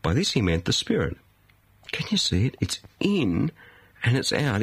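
A man's voice: mid-range voice, wildly swooping pitch, normal speed, slightly rough, no echo. A middle-aged man preaching a sermon in a studio, emphatic and full of rhetorical questions.

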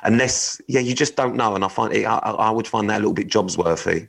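A man's voice: on the low side, quick pace, creaky, a bit bright, low-quality recording. A man co-hosting a podcast, chatting casually and reading odd news items aloud in a blunt, joking, sweary way. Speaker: podcast co-host.

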